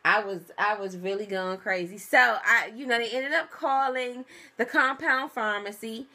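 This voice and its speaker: A young adult woman telling viewers a story in a casual, animated vlog, calling them y'all. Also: on the high side, measured pace. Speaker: vlogger. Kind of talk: casual pregnancy update vlog.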